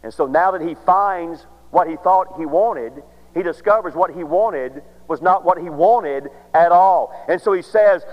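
A man's voice: high voice, lo-fi sound. Man preaching in a large echoing hall. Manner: dramatic preaching with long pauses and sudden swings of loudness. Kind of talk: sermon.

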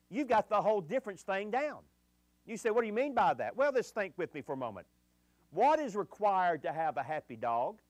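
A man preaching a sermon on marriage, telling folksy stories with dramatic pauses and strong emphasis. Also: fairly high pitch, dry recording. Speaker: pastor.

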